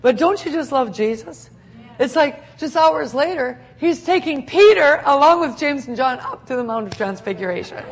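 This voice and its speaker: A woman preaching a sermon in an animated way, laughing often and acting out the scenes she describes. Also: sits high, normal speed.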